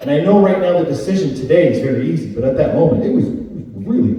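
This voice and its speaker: Man, stand-up comedian, mellow voice, conversational, echoey club hall, somewhat off-mic. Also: on the high side, lively intonation, fast, far from the mic, slight background noise. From Canada. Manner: conversational, tags lines with "right?".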